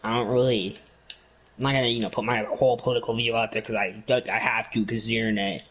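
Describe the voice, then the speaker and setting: A man chatting casually with a friend, mocking and slowing down for sarcastic emphasis. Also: lowish voice, flat delivery, fairly bright tone, slightly rough, lo-fi sound. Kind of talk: casual chat.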